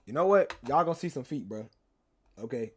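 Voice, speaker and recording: Animated, rambling young man streamer. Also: medium pitch, fairly quick, breathy edge. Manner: rambling, slangy, repeats himself, teases chat. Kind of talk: casual storytime to chat.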